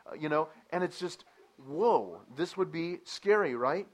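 A man preaching a sermon, animated and emphatic, asking the listeners rhetorical questions and dropping to a quieter explaining tone at times. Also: fairly high pitch, moderate pace, poor audio.

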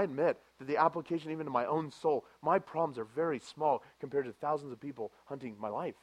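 A male pastor with a slightly higher voice delivers a sermon, reading verses aloud with emphasis. He moves between hushed, reflective stretches and loud, fervent preaching. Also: fast, few pauses. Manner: builds from quiet reflection to loud, impassioned preaching; reads scripture aloud with emphasis.

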